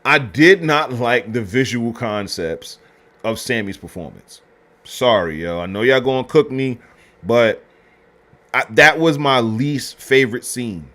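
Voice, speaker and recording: Male history host, casual film breakdown, slangy, rambling, mid pitch. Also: measured pace, a bit bright. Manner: loose slangy delivery with many fillers and restarts. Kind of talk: casual film review talk.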